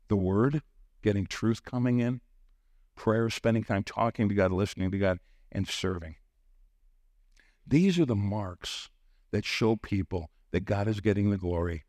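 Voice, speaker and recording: Middle-aged guy preaching, low voice, dry close sound, tells stories and jumps up when quoting people. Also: no room sound. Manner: storytelling, acts out quoted voices with sudden lifts. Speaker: preacher on a church teaching team. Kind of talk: sermon with personal stories.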